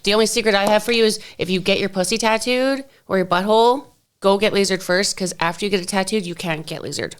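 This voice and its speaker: This is a woman co-hosting a podcast in relaxed, casual chat, her voice in a middle range. She talks in a breezy, rambling way, scattering filler words throughout. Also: medium pitch, quick pace, clear, resonant tone. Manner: breezy, talkative, frequent "like" fillers.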